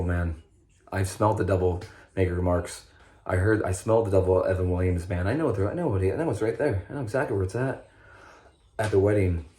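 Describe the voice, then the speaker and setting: Low-sitting and dark in tone, the voice belongs to a young man from Nebraska who vlogs about his recovery. His unscripted monologue is rambling and profane, stop-start and full of restarts.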